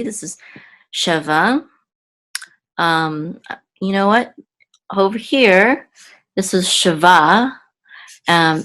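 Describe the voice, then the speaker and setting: A woman teaching an online language lesson, going patiently word by word with frequent ums and self-corrections. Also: deep voice. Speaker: Hebrew teacher.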